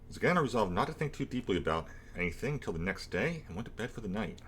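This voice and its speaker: A man reading a game's dialogue aloud in a brisk, wry voice with joking asides. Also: fairly low pitch, big pitch swings. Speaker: game playthrough reader. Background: game music.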